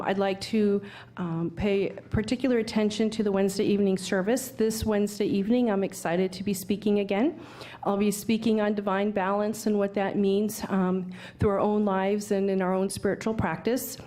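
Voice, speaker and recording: Woman minister, warm mellow voice, calm friendly announcements, church sanctuary. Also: mid-range voice. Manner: calm and friendly, with small pauses.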